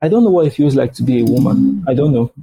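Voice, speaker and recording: A man's voice: medium pitch, expressive, quick pace, gravelly, warm tone, slightly rough, low-quality recording. A man with a Nigerian accent, a guest in a casual podcast chat, earnest and repeating phrases as he argues.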